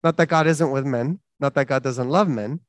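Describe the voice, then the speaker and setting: A man's voice: mid-range voice, moderate pace, no room sound. A man preaching a reflective, earnest sermon, building through repeated phrases.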